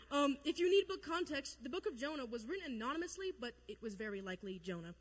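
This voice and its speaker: A woman's voice: sits high, very animated, fairly quick, in a large hall. A woman leading a casual Bible lesson, chatty and joking, acting out quotes in funny voices. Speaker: youth Bible study leader.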